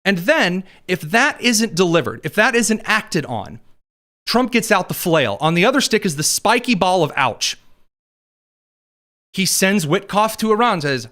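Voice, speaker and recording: Animated male political commentator. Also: high voice, a little slow. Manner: animated, does mocking voices for quotes. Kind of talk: opinion commentary monologue.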